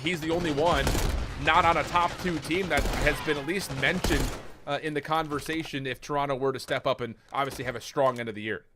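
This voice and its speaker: A man's voice: fairly high pitch, a little fast, noisy background. A man casting an esports match in a chatty, joking way, with many fillers as he breaks down the standings. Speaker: esports caster. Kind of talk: esports desk commentary.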